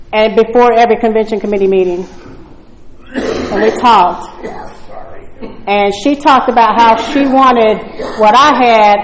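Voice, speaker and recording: A woman shares her personal story with a meeting in a blunt, conversational way, often turning to the room with a "right?". Her voice sits a little high, and the recording carries the echo of a large meeting room. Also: a little hiss or hum. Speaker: speaker at a recovery meeting. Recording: echoey room.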